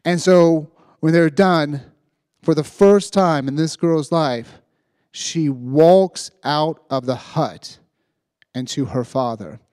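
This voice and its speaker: A man preaching to young people, retelling a story with lively asides and checking in with "right?" as he goes. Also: a little high, takes it slowly, clear, resonant tone, no room sound, clean studio sound. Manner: animated retelling, acting out voices, frequent "right?". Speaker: youth preacher. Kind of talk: storytelling sermon.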